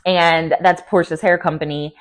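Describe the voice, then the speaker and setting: A young woman casually recapping a reality show in a chatty, gossipy way, often slipping into quick playful quotes. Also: on the low side, fairly even intonation. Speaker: TV recap vlogger.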